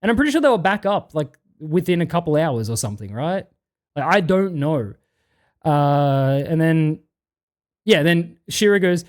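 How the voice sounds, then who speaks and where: High-pitched guy ranting on stream, swears a lot, fed up. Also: very animated, normal speed. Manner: profane, exasperated, reads chat messages aloud.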